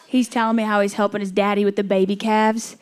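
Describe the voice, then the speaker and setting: A woman's voice: medium pitch, level tone, fast, clear, resonant tone. A young woman from Kentucky performing a stand-up comedy set, telling a story with playful quoted voices. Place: comedy club stage with audience.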